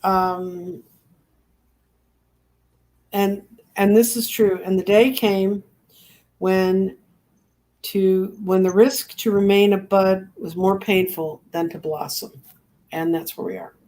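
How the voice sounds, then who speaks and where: A woman's voice: mid-range voice, takes it slowly, long pauses. Chatty older woman telling stories. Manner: chatty, animated storyteller acting out quoted voices. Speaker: guest, crystal reader. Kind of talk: casual storytelling chat.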